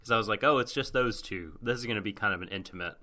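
A man in casual podcast chat, recapping an anime episode slowly and rambling with lots of fillers. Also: lowish voice, pushed and bright. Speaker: podcast co-host.

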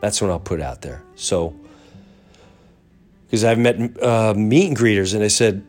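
A middle-aged man with a congested, stuffy-nosed voice, sitting a little low in pitch, talks through an earnest, reflective podcast monologue. He restarts and trails off as he goes, while a faint guitar plays underneath. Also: unhurried, a little mellow. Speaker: podcast host. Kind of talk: casual monologue.

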